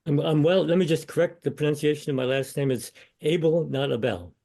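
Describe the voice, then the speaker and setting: An older man, a law professor, answering interview questions in a measured, storytelling way. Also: on the high side, fairly even intonation, vocal fry, dark tone.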